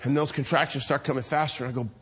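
A man preaching a storytelling sermon, animated, acting out the voices in his stories and laughing often. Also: mid-range voice, very fast, slight background noise.

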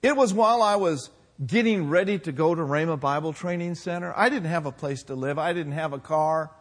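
A man in his sixties preaching a sermon, telling folksy personal stories with humor and lively emphasis. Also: fairly high pitch, brisk. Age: 60s. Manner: folksy storytelling, animated with laughs. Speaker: pastor.

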